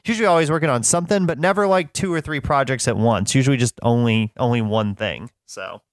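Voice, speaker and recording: A man's voice: medium pitch, fast, no room sound, studio quality. A man co-hosting a podcast, chatting casually about a film and rambling with lots of fillers. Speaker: podcast co-host. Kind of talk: casual chat.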